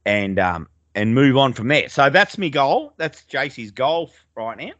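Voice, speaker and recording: A man's voice: medium pitch, animated, a little slow, a bit bright, no echo, lo-fi sound. A young adult man with an Australian accent, telling stories in a laid-back, sweary way as a podcast co-host. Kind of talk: casual chat.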